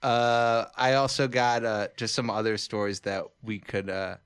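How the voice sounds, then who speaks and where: A man's voice: fairly low pitch, little pitch movement, measured pace, fairly bright tone, clean tone, dry recording, studio quality. A man hosting a casual podcast chat, running through news items with frequent laughs and joking asides. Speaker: podcast host.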